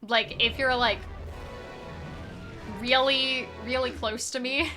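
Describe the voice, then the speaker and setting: A woman's voice: high voice, fairly even intonation, takes it slowly, music in the background. A young woman streaming a game, chatting playfully and rambling with lots of "like" as she plays. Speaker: streamer playing a randomized adventure game. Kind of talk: casual gameplay commentary.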